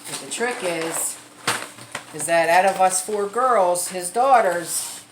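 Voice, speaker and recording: A woman's voice: fairly low pitch, slow, background noise. A middle-aged woman chatting casually to camera as a prepping vlogger, repeating herself and laughing now and then. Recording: echoey room.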